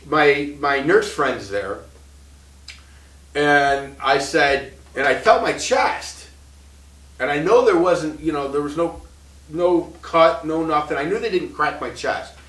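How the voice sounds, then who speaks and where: A man's voice: a little high, takes it slowly, fairly bright tone, roomy sound, distant mic, rough recording. A man in his thirties telling his own story in a casual, rambling way, full of restarts and short laughs. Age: 30s.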